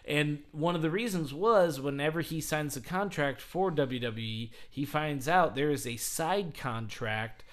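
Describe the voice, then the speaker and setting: A man's voice: on the high side, measured pace, few pauses, fairly bright tone. A man casually retelling a story on a podcast, rambling with fillers and acting out quotes. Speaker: podcast host recapping wrestling history. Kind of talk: casual chat.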